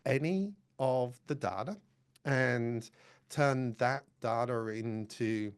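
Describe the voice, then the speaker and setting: A man of ordinary pitch gives a conference talk while demonstrating a tool. He chats loosely, hesitates with fillers and apologizes easily. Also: slow pace, clean tone. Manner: chatty and apologetic, many fillers. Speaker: conference presenter. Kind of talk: live tech demo talk.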